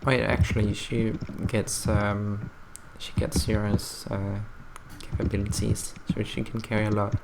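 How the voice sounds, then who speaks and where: Female player, halting delivery, noisy call audio. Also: rumbling low, level tone. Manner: hesitant, many ums. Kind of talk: casual chat over voice call.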